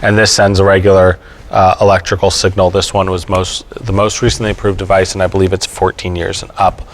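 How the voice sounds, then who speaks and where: A man with a somewhat low voice explains medical treatments on an expert panel. He talks plainly and patiently, with frequent fillers and quick check-ins with his listeners. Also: level tone. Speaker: epileptologist speaking on an expert panel. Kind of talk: explanatory panel talk to families. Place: event panel before an audience.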